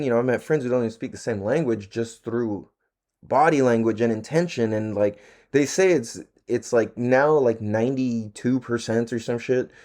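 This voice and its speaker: A relaxed man chatting on his own podcast, mid-pitched and easygoing. His talk is loose, slangy and full of swearing, and he breaks into laughter often. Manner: laid-back, slangy and profane, laughs often. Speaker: podcast host. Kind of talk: casual solo podcast chat.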